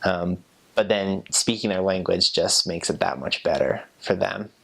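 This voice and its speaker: A young American man, a former missionary, telling stories in a relaxed, rambling way. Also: deep voice, unhurried, gravelly, husky. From United States. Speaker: returned missionary. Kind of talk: casual storytelling.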